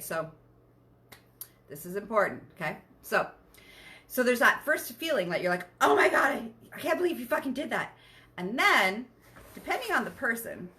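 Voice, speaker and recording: Bright-voiced, candid woman coach. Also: mid-range voice. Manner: candid and animated, swears freely, acts out quoted outbursts. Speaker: sexual wellness coach, podcast guest. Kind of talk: casual explanatory talk.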